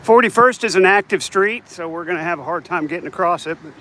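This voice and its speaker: A man chats to viewers as he walks down a neighborhood street, rambling along in a somewhat high voice. He sounds a bit tired. Faint traffic and passing cars hum behind him outdoors. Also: fast, pushed and bright. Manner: rambling, chatty, talks to viewers while walking. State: tired, yawning. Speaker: vlogger. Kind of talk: casual walking vlog.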